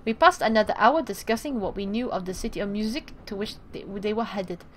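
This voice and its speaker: A woman's voice: medium pitch, fairly quick, slight background noise. A woman streamer reading the story text of a game aloud, with chatty asides in between. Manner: reads narration, then breaks off into excited asides. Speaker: let's play streamer.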